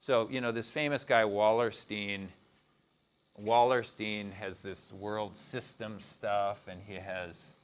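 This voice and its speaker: A man with a smooth, lowish voice gives an informal university lecture as a guest lecturer, speaking slowly in a steady tone. His delivery is loose and conversational, full of asides, restarts and frequent "you know."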